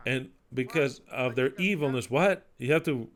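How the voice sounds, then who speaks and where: A male preacher with a mid-pitched voice delivers an impassioned sermon, reading scripture aloud and breaking off into sarcastic asides. He swears bluntly and swings between loud declamation and low, muttered remarks. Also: normal speed, hardly any pauses.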